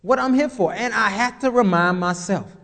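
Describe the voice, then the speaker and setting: A man's voice: high voice, moderate pace, fairly bright tone, long reverb tail. A male pastor delivering an emphatic sermon, repeating phrases and asking the congregation rising questions.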